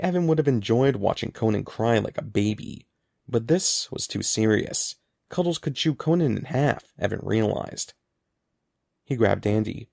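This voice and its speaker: A man narrates a children's storybook with a gravelly, mellow voice whose pitch rises and falls a lot. The sound is dry and close, with no room around it. His reading is lively and expressive. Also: moderate pace, no echo. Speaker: audiobook narrator.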